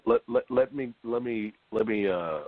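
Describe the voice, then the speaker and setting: A man calling in, posing as a recovery sponsor, speaking in a halting, formal way with many pauses. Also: fairly low pitch, no room sound. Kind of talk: call-in talk. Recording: tinny phone line.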